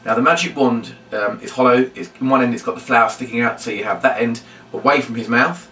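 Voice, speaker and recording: Teaching a puppet act as a demonstration, the instructor talks fast in a mid-pitched, bright, forceful voice while soft music plays behind him. He explains at length, repeats reminders often, and sounds distant in a roomy space.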